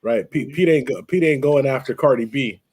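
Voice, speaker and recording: A man with a husky, breathy voice hosts a casual live stream. He tells animated stories and slips into other people's voices when he quotes them. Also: medium pitch, brisk. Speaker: podcast host.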